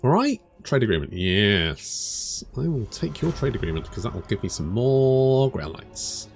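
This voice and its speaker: A man's voice: medium pitch, big pitch swings, measured pace. A man in his thirties giving let's play commentary, chatty, swearing and muttering to himself. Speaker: gaming channel host. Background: game music.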